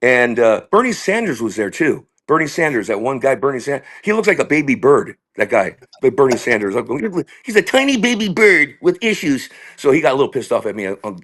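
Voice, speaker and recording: A man, a comedian guest, telling rambling animated stories in casual talk over a video call. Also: medium pitch, fairly quick, hardly any pauses. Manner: rambling, animated, slips into impressions. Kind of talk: casual interview storytelling.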